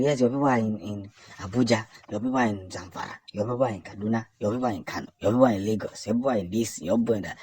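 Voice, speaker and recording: A Nigerian-accented man delivers fervent political commentary in a husky, somewhat low voice. He hammers his points through repetition and swells into loud declarations. The sound is close and dry. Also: quick pace, no room sound.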